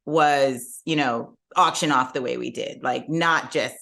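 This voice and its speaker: A middle-aged woman telling her story as a podcast guest, laughing often and leaping up in pitch when amused. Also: a little slow, vocal fry, a bit bright. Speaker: guest entrepreneur. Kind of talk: casual podcast interview.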